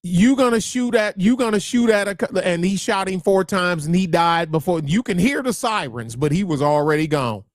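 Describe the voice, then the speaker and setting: A man's voice: high-pitched, normal speed, hardly any pauses, no echo, studio quality. A man hosting a livestream, talking bluntly and profanely in rambling commentary that keeps restarting phrases. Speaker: livestream host.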